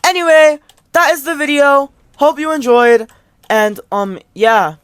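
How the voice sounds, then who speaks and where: A woman telling a gaming storytime as a casual, rambling rant, exasperated and often trailing off quietly. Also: sits high, a little slow, dry recording.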